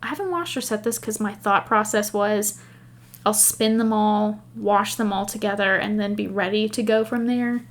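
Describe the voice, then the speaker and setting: A woman's voice: medium pitch, moderate pace. A woman hosting a knitting podcast, chatting casually and rambling through stories while laughing at herself. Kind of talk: casual chat.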